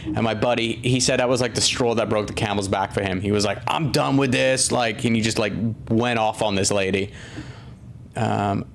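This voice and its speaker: A man's voice: on the low side, steady tone, normal speed, a little hiss or hum. Rambling, swearing male stream host. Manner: rambling, profane, with many fillers and restarts. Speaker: podcast host reading viewer comments. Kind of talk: casual live-stream chat.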